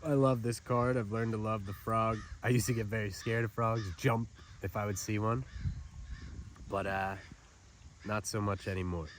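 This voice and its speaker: A man's voice: lowish voice, steady tone, normal speed, slight background noise. A man giving a casual spiritual oracle card reading outdoors in a park, talking in a loose, rambling, chatty way.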